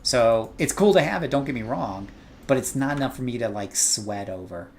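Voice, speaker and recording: A man's voice: medium pitch, expressive, moderate pace, slight background noise. Easygoing male streamer thinking aloud. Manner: easygoing, joking, thinking aloud while playing. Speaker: streamer host. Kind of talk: casual gaming livestream commentary.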